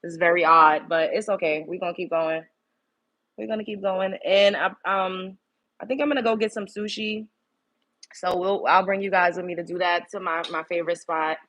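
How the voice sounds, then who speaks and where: Here the Brooklyn livestream host sounds lowish and a bit bright, with fairly even intonation and a moderate pace. The young New Yorker is candid and blunt, swearing freely as she says hi to viewers by name.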